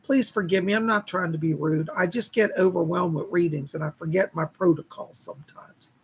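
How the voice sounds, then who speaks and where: A man chats casually to viewers on a live stream in a folksy, friendly way, greeting people by name. His voice has a gravelly fry and sounds husky and strained, as if worn out from talking. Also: sits high, fairly even intonation, brisk. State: strained, tired voice. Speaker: psychic reader hosting a live stream.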